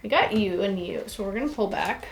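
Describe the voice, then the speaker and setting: A woman is playing a tabletop game and narrating her turn, spelling out the rules as she counts pieces aloud. Her pitch sits in a middle range. The room around her is echoey. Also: lively intonation, a little fast, a little hiss or hum. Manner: explains rules while counting out moves. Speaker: board game player. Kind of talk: casual tabletop gameplay talk.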